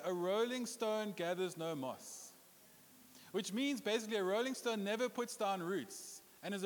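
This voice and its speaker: Man, pastor, sermon, high voice, playful and joking, long hall reverb. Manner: playful, jokes and puts on accents. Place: church hall with a congregation.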